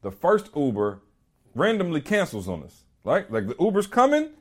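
A man's voice: a little high, normal speed, slightly rough. A man co-hosting a podcast who tells a story in a casual, rambling way, full of "you know" and "like". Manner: animated, rambling with many "you know" and "like" fillers. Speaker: podcast co-host.

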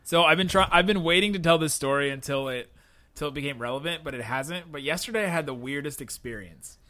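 A young man, co-hosting a casual podcast and telling a story in an animated way with frequent laughs. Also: on the high side, quick pace. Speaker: podcast host.

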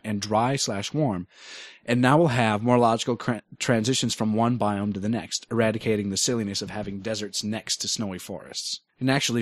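A man's voice: fairly low pitch, no echo, studio quality. A young man in college co-hosting a casual gaming podcast, laid-back and rambling with jokes. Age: young adult. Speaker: podcast co-host. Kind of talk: casual chat.

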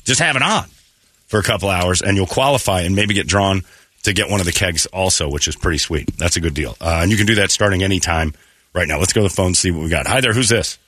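A man's voice: sits low, fast talker, fairly bright tone, no room sound. A man hosting a casual morning radio show, congested from allergies, loose and jokey in a studio.

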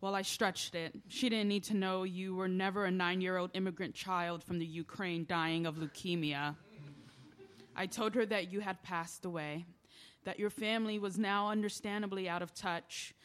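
A woman's voice: fairly low pitch, fairly even intonation, normal speed. A woman delivering a stage play monologue in a confiding, rambling and emotional way. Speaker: lead character in a stage play.

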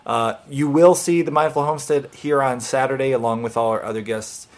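Hosting a live online homesteading show, a man talks to viewers casually and earnestly in a mid-range voice with a steady tone and a brisk pace. His speech is encouraging and rambling, with restarts.

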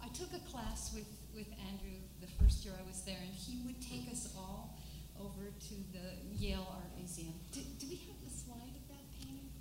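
A woman painter on a panel, telling a personal story in an animated, halting way full of restarts. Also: medium pitch, heavy background noise. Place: panel discussion at an art school.

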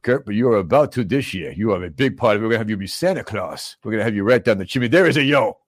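A man's voice: lowish voice, lively intonation, rapid-fire, no echo, clean studio sound. A man playing a mumbling, boastful middle-aged male action-movie star as a comic talk show host. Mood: bragging, gruff. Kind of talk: comedic celebrity impression.

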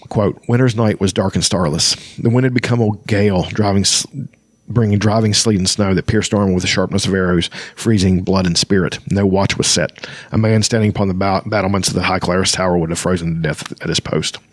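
A man's voice: lowish voice, no echo. A man hosting a podcast, reading a novel aloud with loose, chatty asides and frequent self-corrections. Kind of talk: book reading with casual asides.

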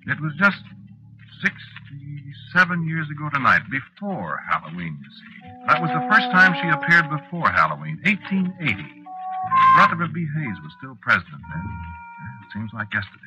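A man's voice: on the high side, sing-song, normal speed, over loud music, poor audio. An actor playing a witch's ageless husband in a 1940s radio drama, telling his story reflectively and stammering when flustered. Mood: wistful. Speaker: narrator.

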